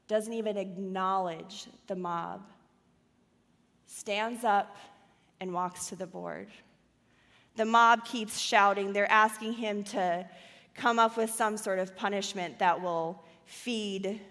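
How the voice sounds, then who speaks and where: A woman pastor preaching a sermon in a church auditorium, telling a story dramatically with loud and hushed swings. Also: mid-range voice, long reverb tail.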